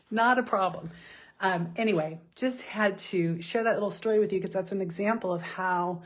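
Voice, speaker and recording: Husky middle-aged woman giving a talk. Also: medium pitch, animated, moderate pace. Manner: chatty, self-deprecating, laughs often. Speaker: speaker. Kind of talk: motivational talk.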